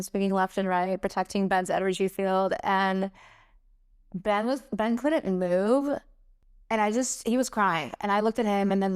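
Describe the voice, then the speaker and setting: Smooth-voiced young woman, rambling podcast host. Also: mid-range voice. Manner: rambling storyteller, heavy on fillers, animated quotes. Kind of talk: casual chat.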